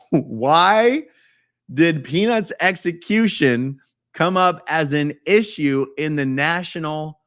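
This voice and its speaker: A man hosting a live stream, chatting casually and reading viewer comments aloud with jokes and mumbled asides. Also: mid-range voice. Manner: lively, swings between loud exclamations and mumbled asides. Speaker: livestream host.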